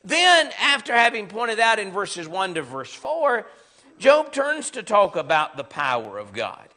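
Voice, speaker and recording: A Southern-accented man leads a Bible class, his voice bright and sharp, ranging up and down with emphatic, conversational energy. He sits high in pitch for a man and drives his points home. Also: big pitch swings, measured pace. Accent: Southern American. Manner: conversational, emphatic, acts out sarcastic quotes. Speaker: preacher.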